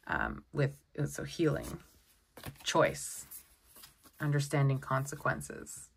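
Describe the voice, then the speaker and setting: A woman giving a casual tarot deck walkthrough, chatty and excitable, often exclaiming over the cards. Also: sits low, a little slow, slight background noise. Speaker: tarot content creator.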